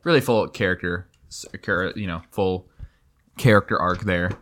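A lower-pitched man discussing a fantasy novel with a friend in casual, upbeat talk. He is enthusiastic and laughs a lot. Now and then he reads scenes aloud with dramatic flair. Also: normal speed, a bit bright, slight background noise.

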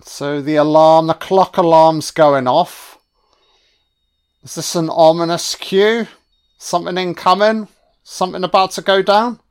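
A man reacts to a film on a first watch, swearing freely and cracking jokes at the characters. His voice sits a little high and comes through smooth and clear. He takes his time, with a slow, drawn-out delivery. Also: steady tone. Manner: sweary, wisecracking, talks back at the screen. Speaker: film commentator. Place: home recording, voice only.

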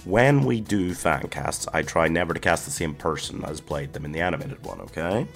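A man's voice: extremely low pitch, expressive, normal speed, creaky, fairly bright tone, faint music behind. A man hosting a solo movie podcast, chatting casually and laughing often. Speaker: podcast host.

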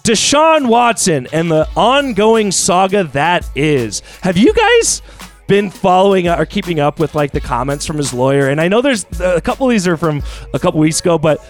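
High-voiced man hosting a sports talk show. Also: moderate pace, soft background music. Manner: chatty, leads the topics, animated.

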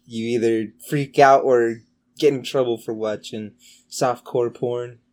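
A podcast co-host in relaxed, casual chat who tells stories in a loose, rambling way and swears now and then. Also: mid-range voice, unhurried.

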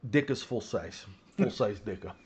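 A man's voice: lowish voice, animated, moderate pace, darkish tone, a little hiss or hum. A man co-hosting a casual podcast, rambling and swearing with lots of laughter. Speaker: podcast co-host. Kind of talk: casual banter.

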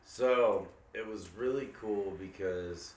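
A man's voice: fairly low pitch, slow, recorded from a distance, a little hiss or hum. A man in a band telling a story in a rambling way, thinking aloud with many fillers. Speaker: band member. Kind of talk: casual chat. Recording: roomy, off-mic.

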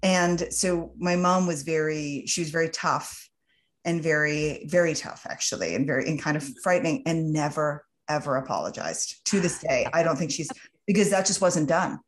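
Woman, podcast host, slightly low voice, earnest, emphatic, filler-heavy casual talk. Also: normal speed. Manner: earnest and emphatic, many fillers like "you know, like". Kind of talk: casual conversational chat.

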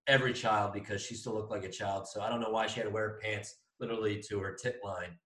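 A man's voice: lowish voice, fairly even intonation, fast. Profane rambling man telling stories. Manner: profane, rambling, acts out quotes loudly. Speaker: podcast host. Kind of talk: casual storytelling chat. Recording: echoey room.

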